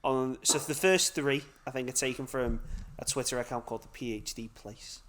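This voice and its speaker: Man, young adult, middle pitch, easygoing banter, casual podcast chat. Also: normal speed, a bit bright. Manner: easygoing banter, leads into segments. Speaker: podcast co-host.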